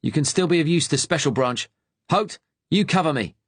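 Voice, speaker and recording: A man's voice: fairly high pitch, animated, fairly quick, breathy edge, voice pushed up. A man voicing a snarling Cockney thug. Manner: shouting, swearing, threatening. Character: furious Cockney traitor policeman, vicious and snarling.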